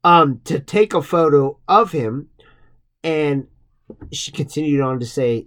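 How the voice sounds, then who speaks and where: A man co-hosting a podcast retells a story casually, swearing a lot, cracking jokes and mocking voices when he quotes people. His voice is fairly high and bright-ish, and he speaks slowly.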